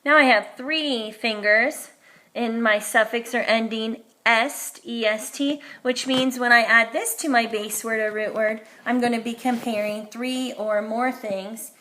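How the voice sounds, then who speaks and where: A woman teacher giving a phonics lesson to young children, slowly and clearly sounding out letters and syllables. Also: a little high, fairly even intonation, bright, forceful tone, roomy sound.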